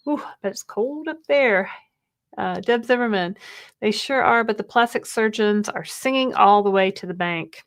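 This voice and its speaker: A woman's voice: medium pitch, moderate pace, fairly bright tone. A woman in her fifties co-hosting a live chat stream, reading viewer comments aloud, chatty and laughing often. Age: 50s. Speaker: co-host of a livestream.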